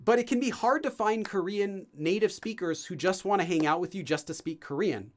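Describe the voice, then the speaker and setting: A man's voice: high-pitched, a little fast. A man teaching a language on a casual livestream, chatty and rambling with a self-deprecating streak.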